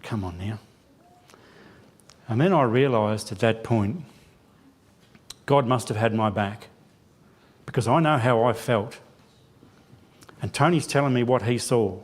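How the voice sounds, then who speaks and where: A man's voice: mid-range voice, normal speed, long pauses. A man giving a church sermon as a lay preacher, telling a self-deprecating personal story with quoted dialogue. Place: church sanctuary.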